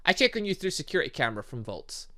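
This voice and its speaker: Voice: medium pitch, very animated, fast talker, sharp tone. A gamer voicing an old male shopkeeper who speaks in clipped, broken English, dropping little words and giving terse orders. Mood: curt.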